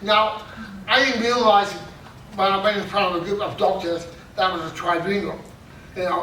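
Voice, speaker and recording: A man's voice: high-pitched, pushed and bright, far from the mic, slight background noise. A middle-aged man doing self-deprecating stand-up comedy, with punchy joke delivery and laughing at his own jokes. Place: festival stage. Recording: echoey hall, mic heard from afar.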